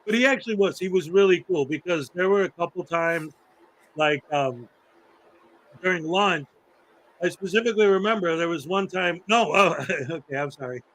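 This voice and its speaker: Man, high pitch, casual show host, rambling, laughs a lot, acts out stories. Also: moderate pace, fairly bright tone, poor audio. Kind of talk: casual chat.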